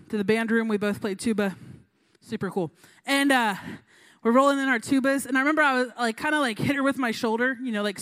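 Young woman, high voice, casual youth sermon full of chatty asides and little acted-out voices. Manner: chatty, lots of fillers and likes, acts out voices in stories. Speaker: youth pastor.

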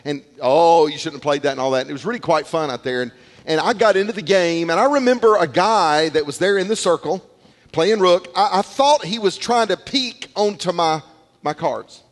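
A middle-aged male pastor delivers a sermon in church with a fairly high voice at normal speed, telling stories animatedly, repeating words and acting out quotes. A long hall reverb hangs on the recording.

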